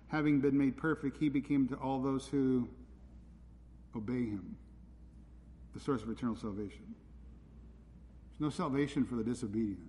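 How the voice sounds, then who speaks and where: A man in the pulpit delivers a direct, unvarnished sermon. His voice sits at an ordinary middle pitch. A long reverb trails his words through the sanctuary. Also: a little mellow, a little hiss or hum. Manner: blunt, direct preaching. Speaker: pastor. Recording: reverberant hall.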